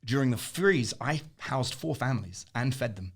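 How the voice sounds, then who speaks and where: A man in a casual interview, an animated storyteller who laughs often. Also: medium pitch, moderate pace, breathy edge. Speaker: interview guest.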